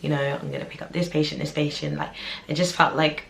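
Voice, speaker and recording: Low, gravelly young woman. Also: little pitch movement, fast talker, fairly bright tone. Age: 20s. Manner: candid, chatty, heavy use of "like". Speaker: junior doctor. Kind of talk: casual vlog to camera. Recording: roomy echo with faint music.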